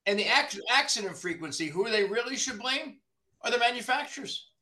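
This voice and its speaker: A man, a body shop owner from the New Jersey area, ranting in casual podcast chat, profane and animated. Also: very high-pitched, a little fast.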